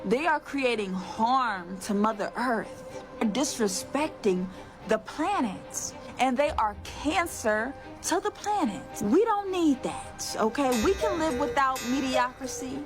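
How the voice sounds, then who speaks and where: A woman rants in a slow, deliberate, scolding tone. Her voice sits fairly high, and she leans into every point with sass. Music plays clearly behind her. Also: lively intonation. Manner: scolding, emphatic, sassy. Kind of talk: ranting monologue.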